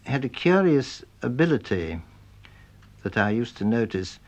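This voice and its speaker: A man recalling a friend thoughtfully, often hedging and pausing on uh and I think. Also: medium pitch, sing-song, highs cut off. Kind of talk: spoken reminiscence.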